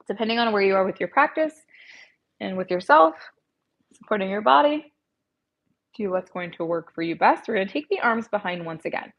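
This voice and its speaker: Woman yoga teacher, calm gentle cues, earpiece mic, kinda dull lo-fi sound. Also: mid-range voice. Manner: gentle, calm cueing with soft encouragement. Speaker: yoga instructor. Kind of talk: guided yoga class instruction.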